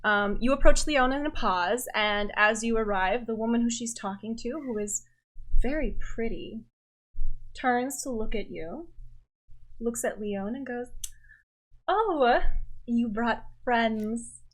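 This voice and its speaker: A woman's voice: on the high side, measured pace, fairly bright tone, low-quality recording. Woman narrating as game master.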